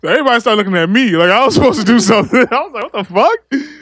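Animated high-voiced New man. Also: very fast. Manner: animated, laughing, blunt. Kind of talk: casual chat among friends.

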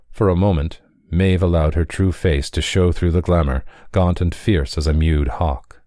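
Story reader, man, low dark voice, dry close sound. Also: steady tone, moderate pace, dry recording. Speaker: audiobook reader. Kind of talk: scripted story narration.

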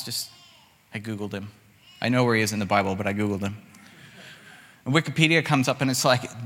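Male pastor, conversational sermon with acted-out quotes; bright voice, long reverb of a large hall. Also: mid-range voice.

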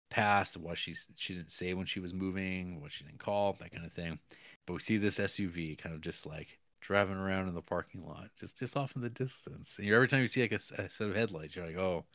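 Deep-voiced man recapping a film. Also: a bit bright, no room sound. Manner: rambling, chuckles often, many fillers. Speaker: podcast co-host. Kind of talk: casual film recap chat.

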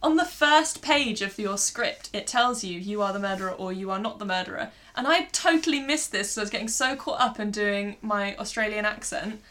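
Bright, laughing English woman co-host. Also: mid-range voice, a little fast, hardly any pauses. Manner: lively, laughing storyteller. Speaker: podcast co-host. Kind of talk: casual chat.

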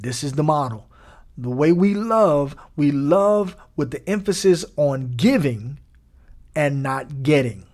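A man preaching a sermon, animated, repeating phrases and rising to emphatic peaks. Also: fairly high pitch, takes it slowly. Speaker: pastor.

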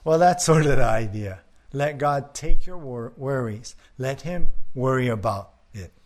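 A male pastor preaching slowly and earnestly, piling up rhetorical questions. He moves into a heartfelt closing prayer at a mid-range pitch. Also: lively intonation.

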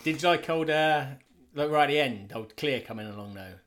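A man's voice: on the high side, expressive, brisk, a bit bright. A man, joking and swearing in a casual chat about films as a podcast co-host.

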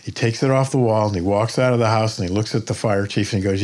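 An older man, a painter, talking in a podcast interview as a plainspoken, lively storyteller who swears freely. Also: fairly low pitch, quick pace. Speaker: painter guest.

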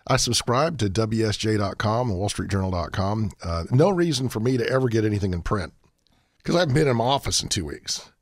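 Low-voiced guy on a radio talk show, rambles folksy, dry sound. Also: lively intonation, brisk, no room sound. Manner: rambling, folksy, restarts often. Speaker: guest.

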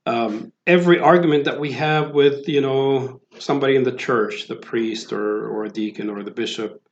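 A man's voice: mid-range voice, moderate pace. A man giving a sermon, talking in a conversational way with many fillers and restarts. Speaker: preacher. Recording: roomy, dull lo-fi sound.

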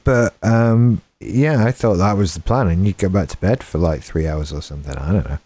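A man's voice: deep voice, normal speed, dark tone, no echo. A man chatting casually on a podcast, talking practically about plans and timing. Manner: practical, organizing the schedule. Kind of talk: casual chat.

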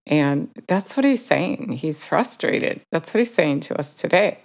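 Low-voiced woman giving an informal sermon. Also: measured pace, gravelly, hardly any pauses. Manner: conversational, self-correcting while quoting scripture. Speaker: Bible teacher.

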